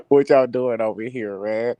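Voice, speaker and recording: A man on a casual live stream, joking loudly, swearing a lot and laughing between rants. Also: medium pitch, no room sound. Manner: loud, profane, laughing, riffs into mocking voices. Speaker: podcast co-host.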